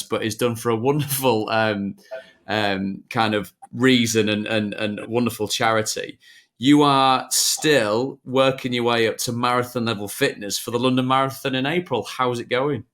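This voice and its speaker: A man's voice: medium pitch, normal speed, fairly bright tone. A man hosting a podcast, a former footballer, chatting in a playful, wordy way with elaborate phrasing. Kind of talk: casual podcast chat.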